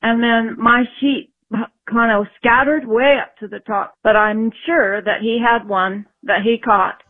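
A woman from Utah, a former sheep herder, calling in and telling a story slowly with many pauses. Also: fairly high pitch, fairly even intonation, no room sound. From Utah, USA. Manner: slow and halting, with fillers. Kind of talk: phoned-in storytelling. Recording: phone line.

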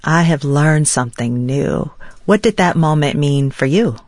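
An engaged interview host who frames each question around personal reactions. The voice is mid-pitched and sounds dry and close to the mic. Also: animated, a little slow, a little mellow, no echo. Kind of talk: interview conversation.

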